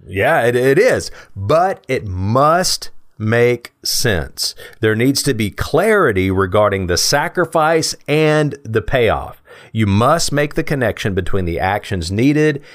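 A male podcast co-host who explains ideas in a measured, thoughtful way. His voice has a lively, varied pitch, and he laughs easily between points.

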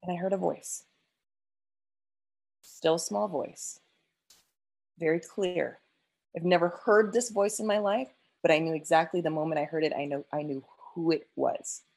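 A woman's voice: fairly low pitch, measured pace, creaky, long pauses, darkish tone. A woman sharing an emotional personal faith testimony, earnest, with frequent restarts and quoted prayers.

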